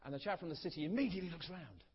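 A man preaching a sermon, earnest and storytelling, letting key words trail off softly. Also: fairly high pitch, lively intonation, racing, breathy edge. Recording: dull recording in a reverberant hall.

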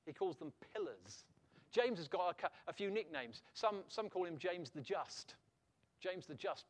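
Middle-aged guy preaching, pretty high voice, lively, keeps asking the crowd questions. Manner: animated, asks the audience rhetorical questions. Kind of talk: sermon.

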